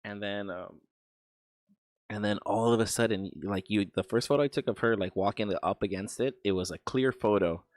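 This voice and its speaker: Low-voiced man, profane and halting. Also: fairly even intonation, no echo. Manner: profane, halting, many stammered restarts. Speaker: streamer. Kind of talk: casual storytelling while livestreaming.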